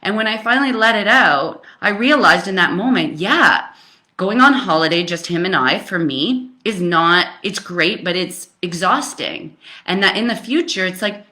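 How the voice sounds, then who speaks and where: A woman's voice: mid-range voice, animated, normal speed, pushed and bright. A woman giving a casual live coaching talk on relationships, speaking candidly and emphatically, swearing freely and rambling with fillers. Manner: rambling with frequent fillers and restarts.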